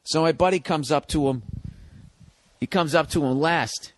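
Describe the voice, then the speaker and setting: Male comic podcast host, fairly high voice, loose and profane monologue, keeps interrupting himself and playing the other people. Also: normal speed. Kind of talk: rambling comic storytelling monologue.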